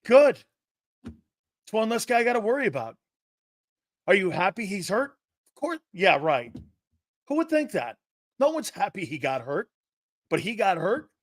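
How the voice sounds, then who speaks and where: A man hosting a sports talk show, blunt and combative, swearing freely and mocking soft opinions while he answers chat comments. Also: high voice, no room sound, clean studio sound.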